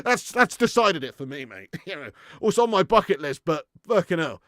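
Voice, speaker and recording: Bloke running a footy fan livestream, kinda high voice, swears a lot, laughs loads, dry close sound. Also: male voice, moderate pace, no echo. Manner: excitable, swears freely, laughs often; thanks viewers for donations. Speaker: football fan channel host. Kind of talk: live stream reaction chat.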